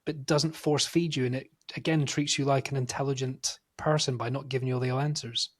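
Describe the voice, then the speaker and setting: A man co-hosting a film review podcast, telling stories in an animated, casual way and swearing freely. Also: medium pitch, fairly quick. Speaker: podcast co-host.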